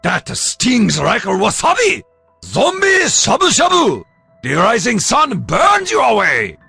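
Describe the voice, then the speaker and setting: An actor playing a solemn, honor-bound warrior in a video game, with a raspy, gravelly voice, making grave, formal declarations. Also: male voice, sits high, huge pitch swings, takes it slowly, bright, forceful tone, soft background music, exaggerated voice.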